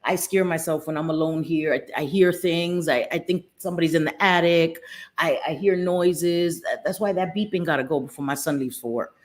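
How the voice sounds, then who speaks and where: A middle-aged woman chats casually with her viewers during a livestream from her home. Her voice sits a little low. She talks loosely, calls out viewers by name, and curses freely. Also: normal speed. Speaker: livestream host.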